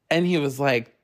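A podcast host tells a story in an easy, casual solo chat. The delivery is animated and full of laughter, with plenty of swearing, at a middle pitch.

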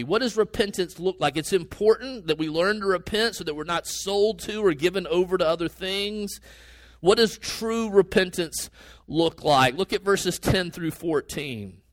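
High-pitched guy preaching a sermon, earnest and chatty, speeds up and jumps in pitch. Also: moderate pace, a bit bright, no room sound. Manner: earnest, conversational preaching with sudden rises in pitch and pace. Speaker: pastor.

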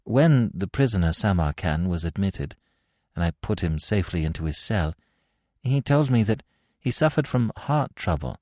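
A man's voice: on the low side, darkish tone, no echo, studio quality. A man voicing a nervous male prison warder who answers in a subdued, hesitant, dogged way in an audiobook reading.

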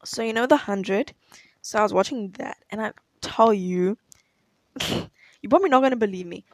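A young woman with a medium-pitched voice speaks at a normal speed, telling a rambling personal story in a casual chat. She's chatty, laughs often, and fills her speech with "like" a lot. She's a tennis player answering questions.

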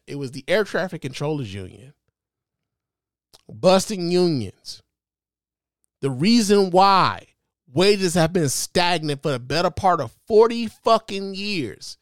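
A man's voice: high voice, no room sound. A man hosting his own podcast, giving impassioned, profane solo commentary with lots of repetition and emphasis into a close mic. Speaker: podcast host.

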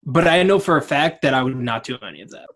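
A man's voice: mid-range voice, lively intonation, fast talker, a bit bright. A young man chatting casually, rambling and searching for the right words. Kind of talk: casual chat.

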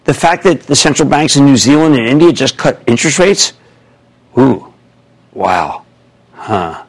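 Brief: man, 60s, animated market-show host, high lively husky voice, jokey riffs. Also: fairly quick. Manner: emphatic, excitable, jokey, riffing. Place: TV studio.

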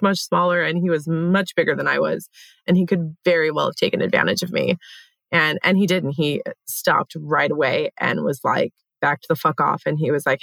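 A woman's voice: low-pitched, vocal fry, no room sound. A young adult woman co-hosting a podcast, chatting candidly and swearing freely. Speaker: podcast co-host. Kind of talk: casual chat.

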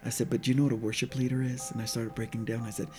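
A man's voice: medium pitch, very fast, faint music behind. A man in casual conversation, telling a personal faith story and acting out the dialogue, sometimes dropping to a near whisper. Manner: animated retelling, quoting dialogue, drops to near-whisper at times. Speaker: guest telling a testimony.

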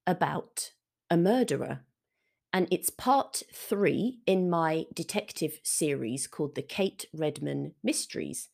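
A woman teaches English vocabulary at a slow, careful pace. Her voice is low and carries some gravelly fry. She explains each word patiently and gives example sentences. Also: darkish tone. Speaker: English teacher and podcast host. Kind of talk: vocabulary lesson, slow and clear.

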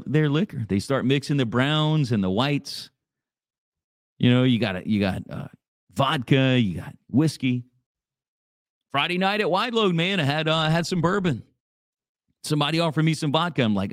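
Lively rambling man radio host. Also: on the high side, moderate pace, dry recording, clean studio sound. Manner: rambling, jokey, repeats himself. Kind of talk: casual radio chat.

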